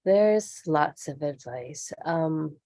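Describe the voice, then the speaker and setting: A woman's voice: low voice, lively intonation, drawn-out words, mellow. A middle-aged woman speaking as a podcast guest, earnest and reflective as she talks openly. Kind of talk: candid interview conversation.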